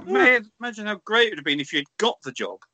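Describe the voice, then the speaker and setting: A man's voice: sits high, wildly swooping pitch, fast, bright, forceful tone, muffled recording, a little hiss or hum. A man, chatting on a podcast in a dry, mock-indignant way. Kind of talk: casual chat.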